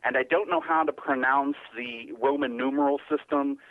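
A man, a guest poet, chatting haltingly and repeating words, then reading his poem aloud. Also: mid-range voice, fairly even intonation, no echo. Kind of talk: casual chat and poetry reading. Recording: tinny phone line.

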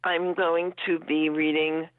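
A woman's voice: low voice, little pitch movement, takes it slowly, no echo. A woman caller from Connecticut chatting casually and rambling a little on the phone. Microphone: telephone. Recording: tinny phone line.

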